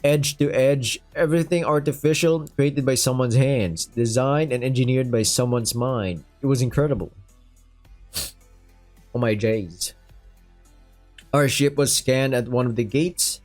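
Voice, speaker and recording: A man's voice: medium pitch, fairly even intonation, normal speed, few pauses, a little mellow, faint music behind. A man reading a sci-fi story aloud and breaking off into joking, casual asides. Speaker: story reader and commentator.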